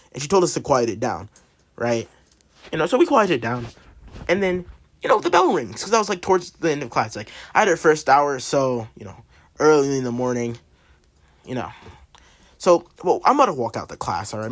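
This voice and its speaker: A young man telling a story from school in a casual, slangy way, full of fillers. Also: a little high.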